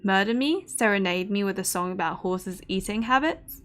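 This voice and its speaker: A woman's voice: mid-range voice, lively intonation, normal speed, a bit bright, lightly acted. A woman voicing a wry, anxious young noblewoman, reading game dialogue aloud in a formal storybook manner.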